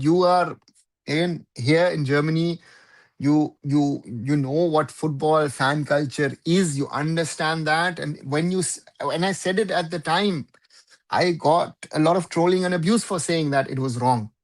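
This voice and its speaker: Gravelly, opinionated man hosting live. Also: a little high. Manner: opinionated, conversational, keeps asking "right?". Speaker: host of a live football talk show. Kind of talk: live discussion and commentary.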